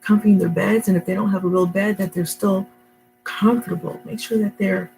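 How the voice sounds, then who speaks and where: A woman's voice: mid-range voice, steady tone, a little fast, vocal fry, darkish tone, soft background music, poor audio. A middle-aged woman talking casually to camera at home, rambling and emotional, with many fillers and restarts. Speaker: vlogger. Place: her home, indoors.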